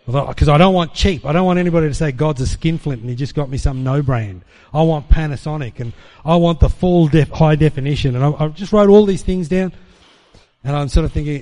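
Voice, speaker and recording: A man preaching, telling a personal testimony as an animated storyteller who acts out the dialogue. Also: on the high side, a little fast.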